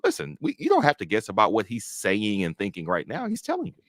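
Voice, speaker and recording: A man's voice: on the low side, huge pitch swings, fast, a bit bright, no room sound, studio quality. A man co-hosting a casual sports chat show, making his points with earnest emphasis. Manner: emphatic, earnest opinion-giving. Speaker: co-host.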